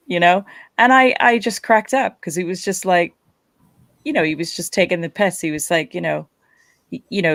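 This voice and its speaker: A woman from the United States tells a lively anecdote on a panel, her voice on the low side, dotted with fillers. The sound is dry and close to the mic. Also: moderate pace, no echo. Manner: animated anecdote-telling with fillers. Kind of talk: casual storytelling chat.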